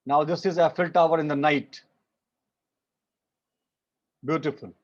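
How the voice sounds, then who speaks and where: A man with an Indian accent teaching French in an online class, repeating each phrase slowly and mixing English with Hindi. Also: fairly high pitch, fairly even intonation. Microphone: video call. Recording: muffled video call audio.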